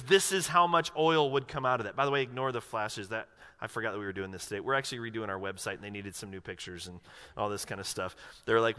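A man's voice: on the high side, pushed and bright. A male pastor preaching a sermon in a casual, conversational way, acting out inner monologues. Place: church sanctuary. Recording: long reverb of a large hall.

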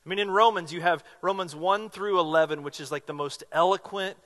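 A man's voice: sits high, a little fast, fairly bright tone. A man preaching a sermon as pastor, earnest and emphatic, repeating phrases for weight.

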